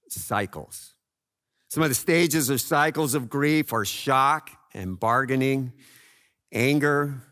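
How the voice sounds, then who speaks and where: A man preaching a sermon in a slow, earnest way, swinging between loud passages and hushed ones. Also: mid-range voice. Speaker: pastor.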